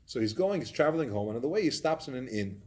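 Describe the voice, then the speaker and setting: Male rabbi telling a lively story. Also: mid-range voice, quick pace. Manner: animated storyteller acting out scenes. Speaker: community rabbi. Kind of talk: storytelling Torah class.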